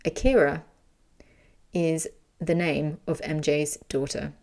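Low gravelly woman telling her story. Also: takes it slowly. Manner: frank, animated, swears freely. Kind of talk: casual personal storytelling.

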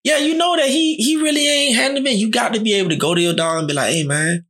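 A man's voice: very high-pitched, fast talker, bright, forceful tone. A man talking in a casual, slangy chat, often acting out quoted dialogue.

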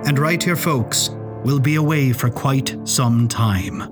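A man doing an excitable old professor. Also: medium pitch, takes it slowly, over music, lightly acted. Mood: decisive. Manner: exclamatory, bursts out. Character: excitable male professor, older and aloof.

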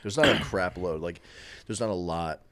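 A man co-hosts a podcast in casual conversation, rambling with lots of fillers and restarts. His voice is deep and a bit bright, and he speaks at a moderate pace.

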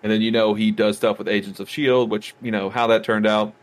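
A man co-hosting a casual movie review podcast, retelling scenes with lively, excited outbursts. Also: on the low side, a little fast. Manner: animated storytelling, acts out scenes with excited outbursts. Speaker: podcast co-host.

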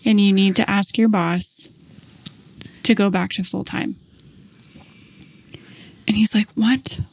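Speaking slowly at a medium pitch, a woman unfolds a long anecdote in a relaxed chat. She's an expressive storyteller who acts out what others said and uses many fillers.

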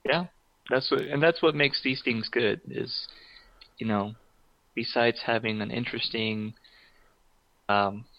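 A man's voice: medium pitch, steady tone, unhurried, gravelly, long pauses, highs cut off. A man co-hosting a podcast in casual chat, rambling and enthusiastic with many fillers.

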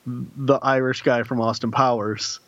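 A man's voice: mid-range voice, flat delivery, a little slow, fairly bright tone, dry recording, muffled recording. A man co-hosting a podcast in casual chat, playful and teasing, giggling often. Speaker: podcast co-host.

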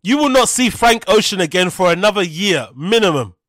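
A man's voice: sits high, expressive, brisk, a bit bright, dry recording, studio quality. A man with a British accent rambling through a casual solo podcast, mocking and swearing freely as he talks. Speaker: podcast host.

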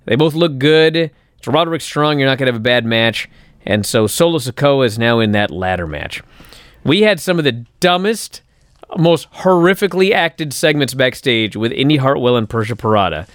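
A man's voice: medium pitch, big pitch swings, moderate pace, no echo, studio quality. A man co-hosting a casual wrestling talk show, bantering sarcastically. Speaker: podcast co-host.

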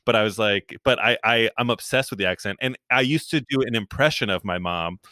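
A man's voice: fairly low pitch, a little fast, pushed and bright, no room sound, clean studio sound. A man from New York, in his thirties, chatting casually as a podcast guest, rambling with many restarts and frequent laughter. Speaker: guest, comedian.

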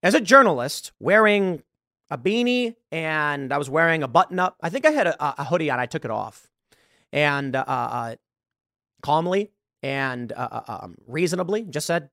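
A man's voice: a little high, animated, moderate pace, bright, forceful tone, no room sound, clean studio sound. A man hosting a podcast, telling a long story and acting out the dialogue. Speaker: show host. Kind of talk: podcast monologue.

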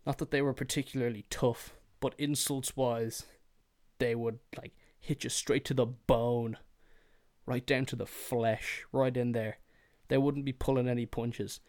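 A man of middle pitch rants alone on his podcast, swearing freely and getting worked up. He keeps slipping into whiny mocking voices to make his point. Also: steady tone, measured pace, darkish tone. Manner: profane, heated, swears freely; slips into mocking whiny impressions. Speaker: podcast host. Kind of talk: solo ranting monologue.

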